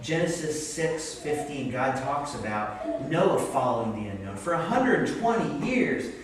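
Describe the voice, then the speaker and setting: A man's voice: on the high side, unhurried, a little hiss or hum. Man preaching in an echoey church. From Vermont, USA. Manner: animated, self-deprecating storytelling. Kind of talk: sermon. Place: church sanctuary. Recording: echoey church hall, distant mic.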